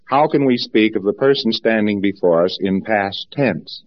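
A man giving an informal lecture, telling stories in a lively way and acting out what people said. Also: on the low side, normal speed. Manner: lively storytelling, acts out quotes. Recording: dull lo-fi archive tape.

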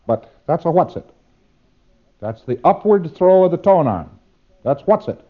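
A man's voice: on the high side, sing-song, unhurried, pauses often, narrow, tinny audio. A man giving a demonstrative lecture, acting out exchanges with playful repetition.

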